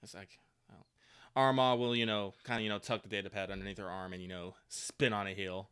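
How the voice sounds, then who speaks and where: A man, a player in a tabletop game, talking in a relaxed, casual way. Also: lowish voice, fairly quick, clear, resonant tone.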